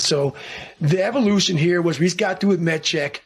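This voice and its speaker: A middle-aged man with a fairly high, gravelly, husky voice tells a story in an interview. He talks with blunt, profane intensity and a lot of drive. The delivery is a casual podcast conversation, not a speech. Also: a little fast. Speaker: podcast guest telling a story.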